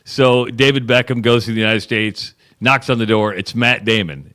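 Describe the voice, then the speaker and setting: A man's voice: medium pitch, fairly even intonation, normal speed, bright, forceful tone. A man co-hosting a sports radio show, chatting casually and retelling stories with lots of restarts. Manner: rambling storyteller, retells ads with quoted voices.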